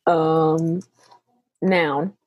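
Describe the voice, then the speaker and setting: A woman's voice: low-pitched, steady tone, drawn-out words, a little mellow, no echo, lo-fi sound. A young woman co-hosting a casual podcast chat, laughing often as she talks. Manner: giggly, laughs often while talking. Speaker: podcast co-host.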